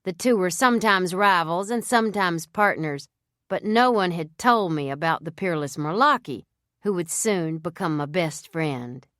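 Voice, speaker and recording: Low, smooth woman narrating a novel. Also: no room sound, studio quality. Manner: measured, even storytelling. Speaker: audiobook narrator. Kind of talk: first-person scripted narration.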